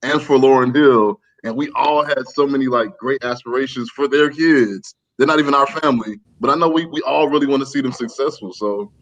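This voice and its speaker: A man's voice: mid-range voice, brisk, hardly any pauses, dull audio. Casual man rambling in slang. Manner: loose, rambling, hedging street slang. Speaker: podcast co-host. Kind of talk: casual chat.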